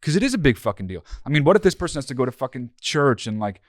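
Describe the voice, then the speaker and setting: A man's voice: mid-range voice, sing-song, racing, no room sound, studio quality. A man co-hosting a podcast in casual chat, blunt and argumentative, swearing freely. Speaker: podcast co-host.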